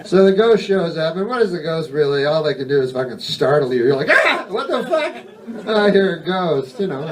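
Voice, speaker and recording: A man doing a stand-up comedy set on a club stage, rambling in a deadpan way and swearing a lot. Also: on the high side, a little fast, few pauses, crowd noise. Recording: distant mic, noisy live recording.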